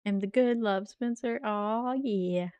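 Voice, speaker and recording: A woman streamer talks casually to her live chat, playful and teasing and quick to laugh. Her voice is smooth and clear, with a middle pitch, and the sound is dry and close with no room echo. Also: darkish tone. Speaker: game streamer.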